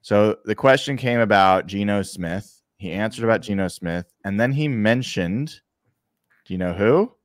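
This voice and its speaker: Podcast co-host, man, low-pitched, animated, dry close sound. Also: moderate pace, no room sound. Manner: animated, frequent restarts. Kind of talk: casual sports podcast chat.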